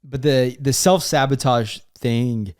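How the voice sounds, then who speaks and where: A man's voice: mid-range voice, takes it slowly, smooth, no echo, studio quality. A young man co-hosting a casual podcast, joking and asking playful questions, telling rambling stories. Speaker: podcast co-host.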